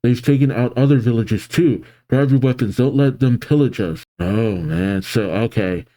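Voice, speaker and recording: A man's voice: medium pitch, moderate pace. A man hosting a casual manga reaction, reading aloud and reacting as he goes. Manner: animated, reads aloud and reacts.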